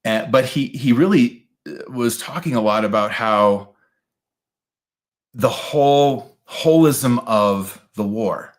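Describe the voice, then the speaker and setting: A man telling a personal story in a reflective monologue, with many pauses, fillers and restarts. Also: medium pitch. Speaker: astrologer host.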